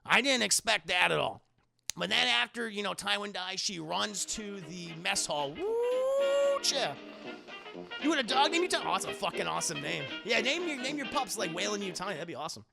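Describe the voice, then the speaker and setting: Streamer, male, high-pitched and very gravelly, a profane and chatty film reviewer. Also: expressive, fairly quick, loud music behind the voice. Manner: profane, chatty, talks to chat. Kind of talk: casual live-stream commentary.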